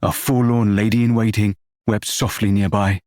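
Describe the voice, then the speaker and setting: A man narrating an audiobook novel in a measured, expressive reading. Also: on the low side, dry recording, clean studio sound.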